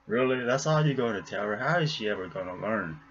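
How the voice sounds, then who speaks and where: A man's voice: on the low side, lively intonation, fairly quick, fairly bright tone, slight background noise. A man voicing a wry, dry-questioning male taxi driver in close to his own voice, on a dull lo-fi recording.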